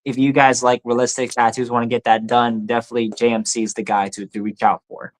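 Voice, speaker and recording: A young man speaks as a podcast guest in easy, casual conversation. He talks earnestly and haltingly, circling back and restarting his phrases. His pitch rises brightly when he gets excited. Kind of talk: casual interview chat.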